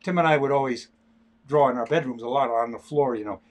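With a mid-range voice and a quick pace, an older artist chats on a livestream as he sketches. His speech stops and starts, and many words get repeated.

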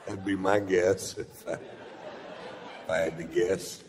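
Deep-voiced middle-aged guy doing stand-up, slow drawl, lots of cussing, big echoey theater. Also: little pitch movement, a crowd in the background. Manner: drawling, profane storytelling with rambling asides. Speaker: stand-up comedian. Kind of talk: stand-up comedy set. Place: large theater stage with audience. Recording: live theater recording with long reverb.

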